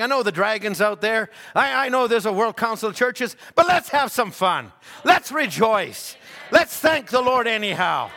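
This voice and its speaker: Bright high-pitched preacher in a reverberant church. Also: male voice. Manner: folksy storytelling, rising to fervent exhortation. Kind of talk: sermon. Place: church sanctuary.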